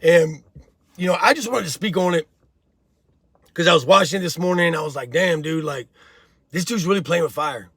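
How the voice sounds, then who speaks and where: A man with a high, gravelly voice, husky at the edges, delivering blunt streetwise commentary. He lectures the viewer like a friend, with lots of "bro" and "homie". The sound is close and dry. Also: normal speed, pauses often, a bit bright, dry recording. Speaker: host of a prison-life commentary channel. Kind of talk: casual commentary vlog.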